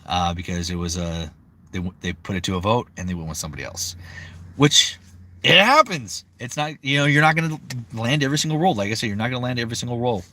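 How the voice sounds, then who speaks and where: A young man, a voice actor, chatting casually on a live stream, rambling and excitable, swearing freely. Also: mid-range voice, fast talker. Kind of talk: casual livestream chat.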